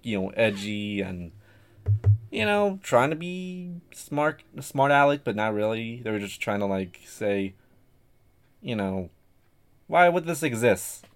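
A man's voice: lowish voice, expressive, slow pace, smooth. A man talking casually as a podcast guest, rambling and hesitant with many fillers and restarts. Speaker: guest artist.

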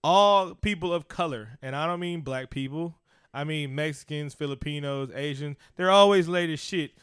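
A man with a fairly high voice riffs through casual podcast banter, loud, profane and mocking. The sound is close and dry, with no room around it. He jumps between jokes with plenty of swearing. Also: moderate pace, clear, resonant tone, no echo. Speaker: co-host.

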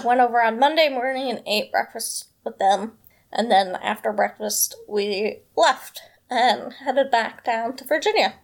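A woman hosting a casual chat podcast, rambling and chatty with many fillers. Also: on the high side. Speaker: podcast host.

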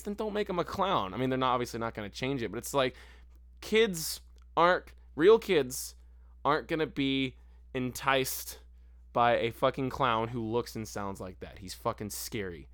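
A man co-hosting a podcast in casual chat, animated and swearing a lot. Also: mid-range voice, normal speed, no echo, studio quality. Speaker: podcast co-host.

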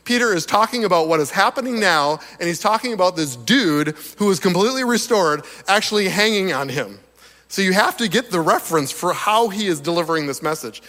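A slightly hoarse man with a high voice delivers an animated sermon, chuckling between his points. His voice rings with the long reverb of a large hall. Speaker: preacher.

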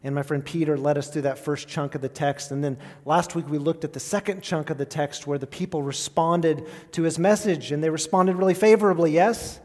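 A man's voice: on the high side, steady tone, fairly quick, few pauses, darkish tone. A man preaching a sermon to his congregation, talking it through with rhetorical questions and restarts. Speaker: pastor. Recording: long reverb of a church hall.

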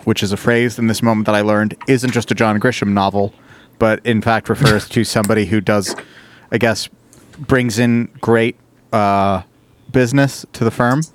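A man co-hosting a podcast, summarizing a plot in casual chat with halting pauses. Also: lowish voice, steady tone, a little hiss or hum. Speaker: podcast co-host.

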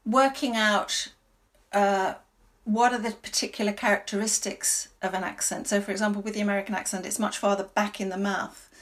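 A stage actress answering interview questions in a thoughtful, halting way, often restarting her sentences. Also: mid-range voice.

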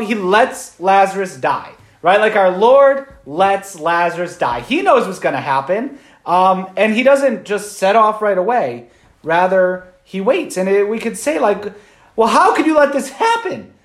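A man's voice: sits high, very animated, unhurried, reverberant. A man, a Catholic priest, giving an informal Sunday homily in a conversational way, often checking in with "right?".

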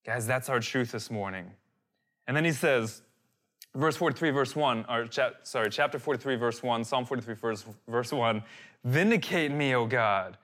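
A man preaching a sermon, animated and direct, reading out scripture and calling his listeners "guys". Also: medium pitch, moderate pace. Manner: reads and dramatizes scripture verses. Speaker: pastor.

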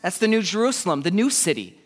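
Male pastor, high bright voice, animated sermon, long church-hall reverb. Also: quick pace. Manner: animated preaching with sudden pitch jumps and acted asides.

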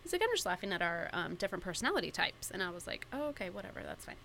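A woman's voice: lowish voice, very animated, very fast, creaky, bright, forceful tone, a little hiss or hum. A woman on a podcast telling a story about a small marital argument, acting out both sides of it in quoted dialogue. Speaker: podcast co-host. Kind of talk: casual chat.

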